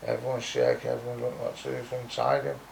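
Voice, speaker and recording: A man's voice: mid-range voice, level tone, fast, creaky, a little mellow, a little hiss or hum. A man telling a hard personal story in blunt, streetwise talk, often adding "you know what I mean". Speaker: interview guest.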